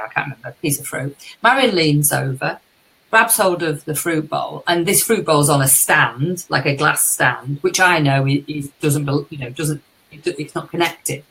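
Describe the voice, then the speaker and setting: A British woman co-hosts a casual live chat in a low, gravelly voice. She tells candid stories and swears freely. Her tone has a husky edge. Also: fairly bright tone, poor audio. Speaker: co-host, life coach.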